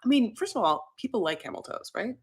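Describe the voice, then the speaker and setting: A woman's voice: on the high side, sing-song, a little fast. A woman co-hosting a casual recap podcast, rambling and bawdy with lots of fillers. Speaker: podcast co-host.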